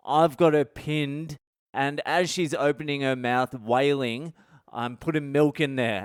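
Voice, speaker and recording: A man's voice: medium pitch, clean tone, no echo, studio quality. A middle-aged man, hosting a podcast and telling a comedic story in a rambling, candid way with heavy swearing. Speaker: podcast host.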